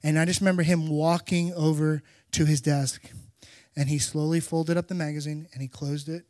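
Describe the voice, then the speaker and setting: Middle-aged male pastor, slightly high voice, lively storyteller, dry close sound. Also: normal speed, dry recording. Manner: animated storytelling with emphatic repetition. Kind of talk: sermon.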